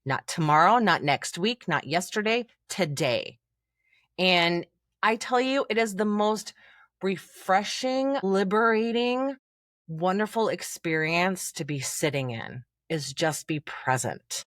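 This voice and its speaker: A woman with a lowish voice talks as a guest coach on a podcast. Her pitch swings widely as she acts out inner voices and what her clients say. The sound is dry and close. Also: animated, slow, fairly bright tone, dry recording. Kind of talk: podcast interview.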